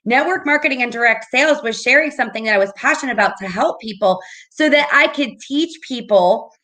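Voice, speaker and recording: A woman's voice: on the high side, lively intonation, a little fast, sharp tone. A woman hosting a casual talk as a business coach, upbeat and encouraging. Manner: upbeat, encouraging, keeps asking "right?".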